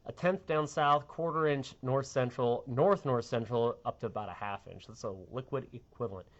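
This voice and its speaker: A man's voice: medium pitch, normal speed, highs cut off. A middle-aged man, a TV meteorologist, chatting casually and rambling on air in a sentimental way.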